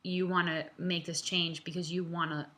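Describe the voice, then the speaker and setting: A woman in her thirties answers viewer questions from her home. She talks in a chatty, earnest rush with lots of fillers and small laughs, as if close to tears. Her voice sits a touch low but comes across bright and forceful. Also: level tone, normal speed. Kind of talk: casual, heartfelt direct-to-camera talk.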